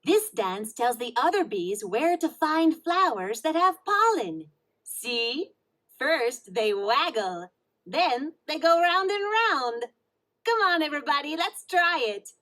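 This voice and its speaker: Sweet patient preschool teacher, woman voicing her, high and sing-songy, slow. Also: very animated, bright, forceful tone, heavily acted. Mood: encouraging. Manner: encouraging, explaining. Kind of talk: storybook read-along.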